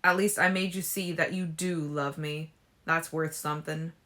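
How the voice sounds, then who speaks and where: A woman reading an injured, jealous teenage boy in a fan audiobook, loud and blunt. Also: low-pitched, steady tone, normal speed. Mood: defiant.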